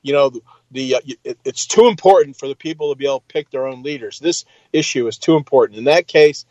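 A man's voice: medium pitch, fast, a little mellow, no room sound, dull audio. A man and military veteran in a casual chat, blunt and emphatic, swearing at times. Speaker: podcast co-host, military veteran.

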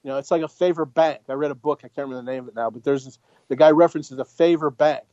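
A man's voice: a little high, racing, mellow, no echo, muffled recording. Blunt, profane man telling a war story. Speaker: former Marine officer telling a story. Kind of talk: casual storytelling.

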